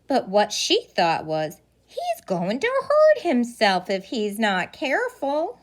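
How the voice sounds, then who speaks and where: Lively woman reading aloud to preschoolers. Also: a little high, slow pace. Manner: animated storytelling with gasps and questions. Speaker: preschool teacher. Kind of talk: reading a picture book aloud to children.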